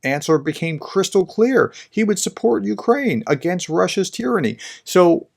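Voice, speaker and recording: A man's voice: sits high, sing-song, moderate pace, creaky. A man giving casual, rambling political commentary between clips, often restarting his sentences.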